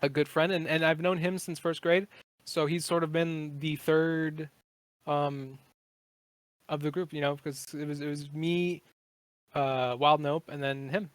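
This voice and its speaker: A man's voice: on the high side, level tone, measured pace, smooth, dry recording. A man in his twenties, a podcast guest, chatting casually in a rambling, profane way with many fillers. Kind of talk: casual chat.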